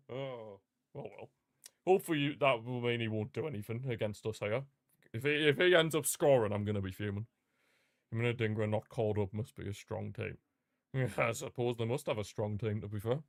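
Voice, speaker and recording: A man's voice: mid-range voice, no room sound, studio quality. A young man, chatting casually and reacting aloud while he watches a football match live.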